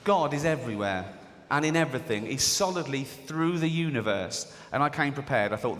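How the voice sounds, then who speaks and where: A man's voice: mid-range voice, lively intonation, a little fast, few pauses, a bit bright. A man in his forties with an English accent doing a live stand-up routine, mocking and acting out characters in silly voices, giggling at his own jokes. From England. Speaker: stand-up comedian. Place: large theatre stage. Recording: live theatre recording with long reverb and audience. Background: audience laughter.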